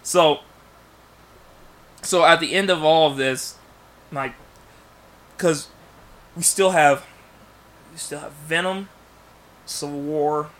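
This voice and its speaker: A man in casual podcast chat, pitching a movie plot in rambling bursts with many restarts. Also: slow pace, pauses often. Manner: rambling storyteller, many restarts, bursts of loud acted lines. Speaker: podcast co-host.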